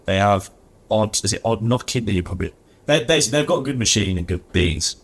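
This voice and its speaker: A man talking casually as a podcast guest, telling stories in a chatty, self-deprecating way with a husky voice. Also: fairly low pitch, lively intonation, fairly quick. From England. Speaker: guest, coffee reviewer.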